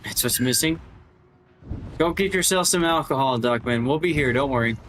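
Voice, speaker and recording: Playing a game live, a man with a mid-range voice chats casually at a moderate pace, joking around and saying hello to chat. Gunfire from the game and other background noise can be heard.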